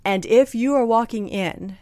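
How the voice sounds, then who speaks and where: Plain-spoken woman chatting, blunt and lively, acts out quotes, dry close mic. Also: on the high side, measured pace, no echo. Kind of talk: casual storytelling chat.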